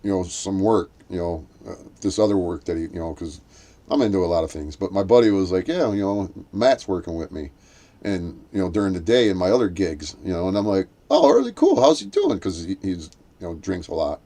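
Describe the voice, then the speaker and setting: Brisk and warm-toned, this man rambles through a story in casual chat, starting over many times. He voices quoted speech in a raised pitch, acting it out.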